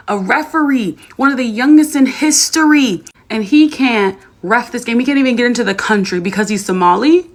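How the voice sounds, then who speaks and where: Heated woman with a gravelly voice. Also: a little high. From United States. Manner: indignant, heated, drops to hushed tones. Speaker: commentator. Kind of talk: angry opinion rant.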